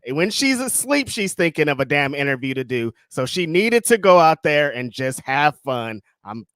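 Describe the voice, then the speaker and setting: A man co-hosting a casual livestream podcast, chatting in a lively, joking way. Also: fairly high pitch, moderate pace, dry recording, clean studio sound. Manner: lively, laughing banter. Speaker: podcast co-host.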